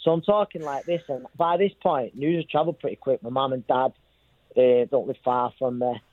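A man's voice: medium pitch, steady tone, a little fast, dry recording. Man telling a story over a thin line. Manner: rambling, repeats himself, quotes others. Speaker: boxer telling his story. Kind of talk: interview storytelling. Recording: thin phone-like sound.

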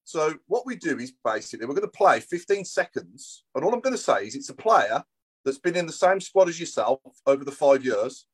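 A man's voice: a little high, sing-song, a little fast, breathy edge. A man hosting a podcast, explaining a game segment in an upbeat, casual way. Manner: explaining, upbeat, laughs along. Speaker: podcast host.

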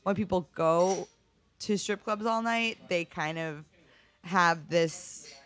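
A middle-aged woman with a somewhat low voice recounts bar stories in a loose, conversational interview. She's frank and unfiltered, swears casually, and fills her sentences with "like" and "um". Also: slow, fairly bright tone. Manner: candid, profane, heavy use of "like". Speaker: bartender guest.

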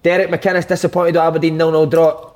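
A man's voice: a little high, flat delivery, a little fast, a little mellow. A Scottish man hosting a casual football chat, telling stories and joking with his guests. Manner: banter-heavy, laughing storyteller. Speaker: podcast host.

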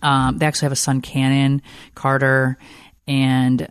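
A woman's voice: a bass voice, fairly even intonation, measured pace, creaky, smooth, no echo. Woman, middle-aged, podcast host, rambling casual chat, dry recording. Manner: chatty, rambling storytelling with many fillers.

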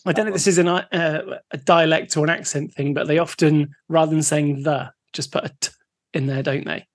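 A man co-hosting a casual podcast, easygoing and quick to laugh as he shares facts. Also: fairly high pitch, fairly even intonation. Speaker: podcast co-host.

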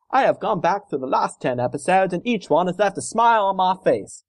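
A man's voice: a little high, no echo. A man doing a cheeky English lad. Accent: put-on English. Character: a cheeky young English lad reading his fan letter. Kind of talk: reading a listener letter aloud.

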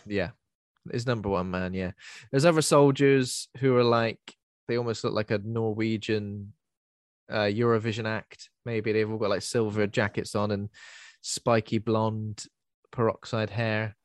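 Wry bloke chatting films, dead dry mic. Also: male voice, on the low side, steady tone, unhurried, no echo. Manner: wry, laughs easily. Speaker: podcast co-host. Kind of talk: casual film chat.

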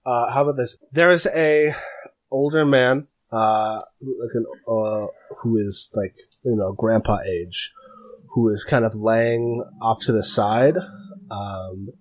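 A man's voice: lowish voice, darkish tone, slightly rough. A man narrating as game master of a tabletop game, hesitant and full of fillers.

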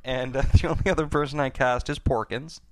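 A man co-hosting a casual comedy podcast, talking in halting bits with many fillers. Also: mid-range voice, steady tone. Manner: hesitant, many fillers and restarts. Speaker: podcast co-host.

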